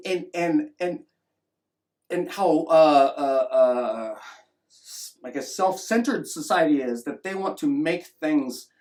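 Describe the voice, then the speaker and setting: A man giving a rambling opinion monologue as a vlogger, often restarting and acting out mocking voices. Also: sits high.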